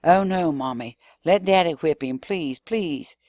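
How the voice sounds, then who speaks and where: A man's voice: on the high side, expressive, moderate pace, no room sound, natural voice. A man reading a novel aloud, voicing a scared little girl who pleads in a whiny, raised voice. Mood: tearful pleading.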